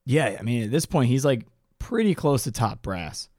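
In clean, echo-free studio sound, a man with a medium-pitched, sing-song, slightly mellow voice co-hosts a casual podcast at a moderate pace. He jokes around and tells the story in a relaxed manner.

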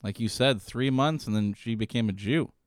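Male podcast co-host, mid-pitched, joking and loose-tongued, dry close-mic sound. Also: dry recording. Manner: joking, swears, quick interjections. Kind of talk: casual podcast banter.

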